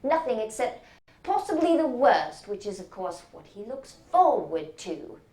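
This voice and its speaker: Woman, stage monologue as a doctor, halting, stammering, unhurried. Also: a little high, big pitch swings, darkish tone. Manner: hesitant, self-doubting, halting with stammered restarts. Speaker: actor playing a hospital doctor. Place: stage performance.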